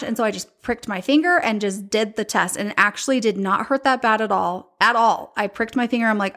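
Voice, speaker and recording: A woman's voice: fairly high pitch, a little fast, few pauses. Woman in her forties hosting her own podcast; candid, chatty storyteller who acts out quotes. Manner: chatty and candid, breaks into animated quoted voices. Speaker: podcast host.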